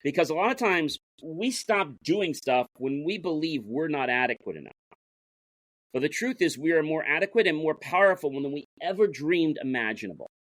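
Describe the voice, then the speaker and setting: A man's voice: fairly high pitch, animated, normal speed, fairly bright tone, no room sound. A man, the guest in an interview, who talks energetically, retells stories by acting out the dialogue, and often restarts his sentences. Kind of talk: casual interview storytelling.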